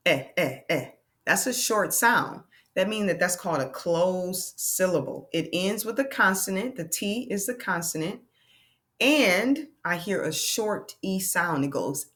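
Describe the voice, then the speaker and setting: Woman teacher, slightly low voice, children's phonics lesson, draws out vowel sounds, encouraging. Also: a bit bright. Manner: slow, drawn-out sounding of letters and vowel sounds; encouraging, checks in with "okay?".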